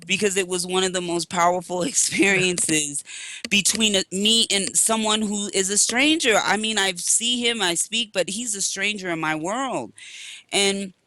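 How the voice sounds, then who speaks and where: A man co-hosting a spiritual talk show, telling a story in an expressive, preacher-like way and speaking to listeners as family. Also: sits high, unhurried. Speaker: co-host, spiritual practitioner.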